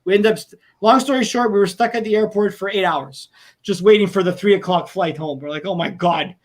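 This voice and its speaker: A man with a high voice hosts a casual podcast. He rambles through stories, swears freely and laughs easily. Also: a little fast. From Canada. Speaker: podcast host.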